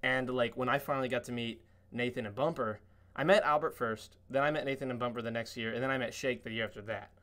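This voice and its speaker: Excited man telling stories, loud quoting. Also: fast talker. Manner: excited storytelling, lots of cursing and fillers; acts out quotes in a much higher voice. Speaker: podcast guest. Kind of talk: casual podcast chat.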